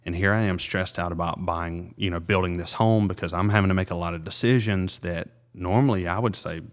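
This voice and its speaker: A man with a very low voice tells a personal story in an interview. He speaks earnestly and haltingly, often restarting his sentences and filling pauses. He sounds like a man in his thirties. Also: steady tone. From South Carolina. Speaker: realtor, interview guest.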